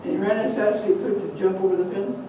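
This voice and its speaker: Older woman, live storyteller, animated, chatty, mixes in Spanish words, distant mic, big echoey hall. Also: medium pitch, fast talker, noisy background.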